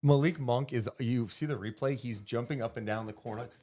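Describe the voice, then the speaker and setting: A man co-hosting a basketball podcast, talking through a game in animated, casual chat. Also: mid-range voice, brisk. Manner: animated, swings up when excited, swears casually.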